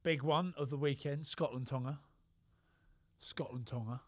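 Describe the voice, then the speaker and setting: A man's voice: mid-range voice, normal speed, no echo. A man co-hosting a casual rugby podcast, teasing the others and swearing casually as he makes his picks. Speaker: podcast co-host. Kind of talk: casual chat.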